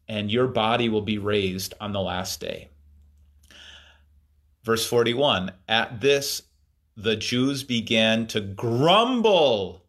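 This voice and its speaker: A man's voice: lowish voice, fairly bright tone. A man preaching a sermon, reading scripture aloud and explaining it in a thoughtful way, with frequent fillers and restarts.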